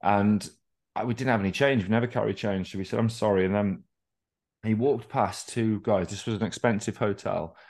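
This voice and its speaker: On the low side and a little mellow, this man's voice holds a steady tone and moves a bit fast. He co-hosts a laid-back podcast, rambling through candid, profane stories with restarts and jokes at his own expense.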